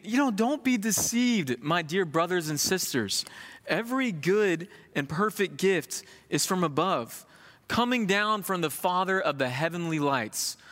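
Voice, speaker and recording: Bright-voiced, animated man preaching a sermon. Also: sits high, in a large hall. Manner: animated, conversational preaching with folksy asides.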